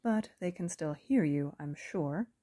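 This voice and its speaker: A woman voicing a calm, calculating female hunter with a soft, pleasant alto, speaking quickly in a light, friendly, amused way. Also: deep voice. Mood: calmly menacing. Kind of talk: audiobook character reading.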